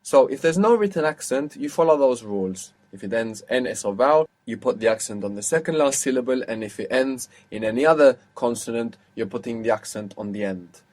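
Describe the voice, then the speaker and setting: A man teaching an audio language lesson, patiently asking questions and repeating words slowly. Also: mid-range voice, animated, darkish tone.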